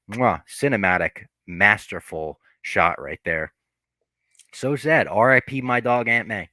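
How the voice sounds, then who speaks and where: A man hosting a podcast, casually recapping a movie scene by scene, animated and profane, acting out the characters' lines. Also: low voice, no room sound. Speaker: podcast host.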